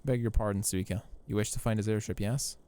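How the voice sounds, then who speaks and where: A man's voice: on the low side, fairly even intonation, mellow, close to an everyday voice. A man reading a formal old priest. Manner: measured, formal, stumbling over names. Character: gentle elderly male priest giving counsel. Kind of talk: reading game dialogue aloud.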